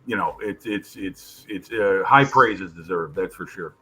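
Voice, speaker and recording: A man's voice: sits low, measured pace, noisy background. A man on a live panel chatting casually, rambling with many restarts. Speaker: panel guest. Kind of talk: casual chat.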